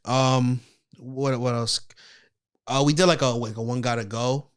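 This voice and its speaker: A man's voice: mid-range voice, fairly even intonation, clear, resonant tone. A man co-hosting a podcast in casual banter, asking questions and filling his talk with "like". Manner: quick, conversational, asks questions and hedges with "like". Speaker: podcast co-host.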